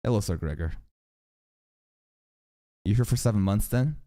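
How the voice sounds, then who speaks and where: A man's voice: lowish voice, animated, moderate pace, warm tone. A man hosting a casual reaction livestream, swearing freely as he jokes and chats with his viewers.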